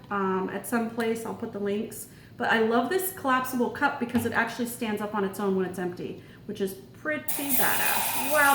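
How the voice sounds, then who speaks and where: A woman vlogger casually demonstrating gear at a table, chatty and thinking aloud with fillers. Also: on the high side. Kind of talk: casual product demo. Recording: roomy echo, faint background noise.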